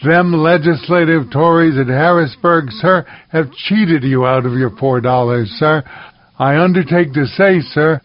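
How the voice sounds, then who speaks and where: A man voicing an excitable male city alderman in a storybook reading, blustering and indignant. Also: on the high side, dull audio, close to an everyday voice.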